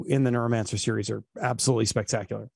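A man's voice: on the low side, fairly even intonation, very fast, creaky, a little mellow, slightly rough, no echo, studio quality. A man co-hosting a casual podcast chat, talking in a loose, easygoing way. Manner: laughing, apologetic, casual. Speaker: podcast co-host.

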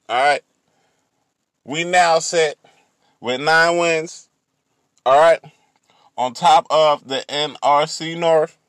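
Slow-talking man hosting a podcast. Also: a little high, fairly bright tone, no room sound, clean studio sound. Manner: slow, repetitive catchphrase delivery. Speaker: podcast host. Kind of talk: casual podcast talk.

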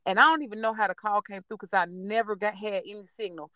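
A woman's voice: mid-range voice, fairly even intonation, fast, bright, forceful tone, dry recording. A woman in her twenties, a podcast host, telling stories in casual chat, blunt and profane, acting out what others said. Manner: profane, blunt, vents with quoted dialogue.

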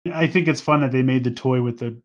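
A man's voice: medium pitch, steady tone, fast talker, muffled recording. A man co-hosting a podcast in casual chat, rambling, laughing often and tripping over his words. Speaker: podcast co-host.

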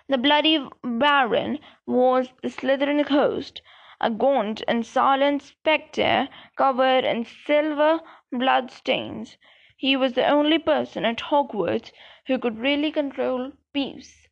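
Slow, gravelly woman reading a storybook. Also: sits high. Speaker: audiobook reader. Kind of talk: storybook narration. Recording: dull lo-fi recording.

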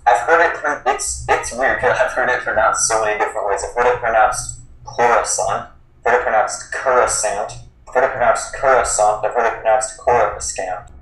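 A man's voice: mid-range voice, steady tone, fast talker, a bit bright. A man co-hosting a casual podcast chat, offhand with short interjections. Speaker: podcast co-host. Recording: roomy echo with faint noise.

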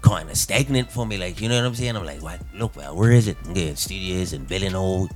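A man from Bermuda with a low voice, chatting casually as a guest. He rambles through his story and keeps checking in with his listener. Music plays clearly underneath him. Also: quick pace, a little mellow. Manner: loose storytelling, with lots of "innit" and "you know what I'm saying". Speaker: guest artist. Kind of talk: casual chat.

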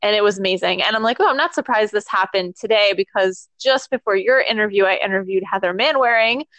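A woman's voice: mid-range voice, fast talker, a bit bright, no room sound. Woman, podcast host, casual storytelling, laughs often, dry close sound. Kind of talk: casual conversational interview.

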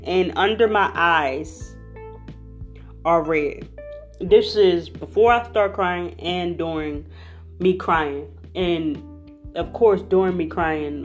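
A young woman telling a personal story in a lively, conversational, slangy way. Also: mid-range voice. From Philadelphia.

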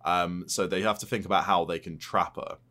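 A man's voice: deep voice, steady tone, fairly quick, pushed and bright. A man co-hosting a podcast, recapping a film plot in casual, profane and jokey chat. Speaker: podcast co-host.

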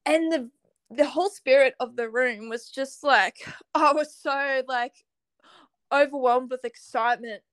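A woman's voice: high voice, unhurried, a bit bright, dry recording. A young woman, a musician guest chatting casually and laughing often. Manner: chatty, giggly, lots of fillers. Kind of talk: casual interview chat.

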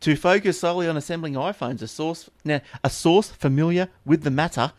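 A man's voice: a little high, a little fast, no echo, studio quality. A man co-hosting a casual tech podcast, joking, laughing often and reading news items aloud. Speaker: podcast co-host.

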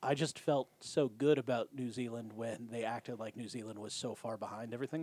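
A man's voice: mid-range voice, steady tone, a little fast, darkish tone, dry recording. A man co-hosting a podcast, recapping a show in casual chat, swearing freely and acting out scenes. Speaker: podcast co-host.

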